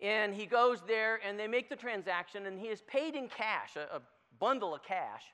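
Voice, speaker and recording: A preacher giving a conversational sermon, telling a story in an animated, chatty way. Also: mid-range voice, moderate pace. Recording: long hall reverb.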